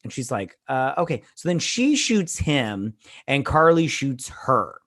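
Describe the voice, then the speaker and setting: A man's voice: medium pitch, big pitch swings, unhurried, fairly bright tone. A man hosting a casual episode recap, rambling with lots of fillers and blunt opinions. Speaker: show host reviewing a TV episode.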